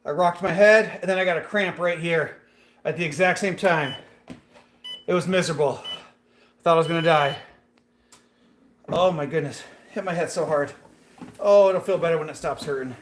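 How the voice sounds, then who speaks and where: A man running a fitness vlog chats casually and directly with his viewers live while working out. His voice is fairly high-pitched at a moderate pace, he pauses often, and there's slight background noise.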